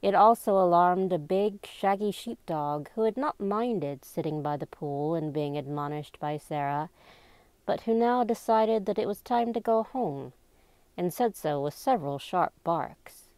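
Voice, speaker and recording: Reading a novel aloud, this amateur woman narrator is slow, deliberate and expressive, like someone reading a storybook. Her mellow voice sits slightly low, and the recording is close and dry without echo.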